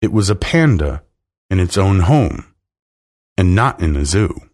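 A man reading a children's story aloud slowly and expressively as storyteller. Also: deep voice, sing-song, a little mellow.

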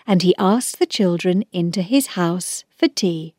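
Slow, careful female narrator for a children's book, dry close sound. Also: fairly low pitch, darkish tone, dry recording. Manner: slow, clear, measured reading.

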